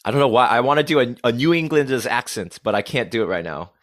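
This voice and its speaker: A man's voice: medium pitch, expressive, fast, dry recording, studio quality. A man from Rhode Island, a podcast guest chatting casually, playful and self-mocking, rambling with restarts. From Rhode Island, USA.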